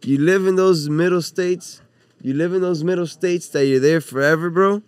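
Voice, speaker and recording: A man's voice: a little high, normal speed, darkish tone, no room sound. A man from Cuba, a podcast guest in casual chat, loose and slangy with plenty of swearing.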